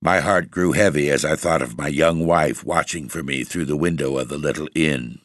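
A man narrating a first-person story in a measured, clear storytelling manner. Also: extremely low pitch, a bit bright, no room sound, clean studio sound. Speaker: audiobook narrator.

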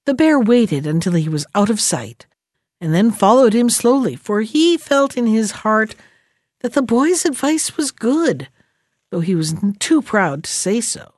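A librarian reading a folktale aloud in a lively, expressive storytelling style. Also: female voice, on the high side, measured pace, no echo, studio quality. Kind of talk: storybook read-aloud narration.

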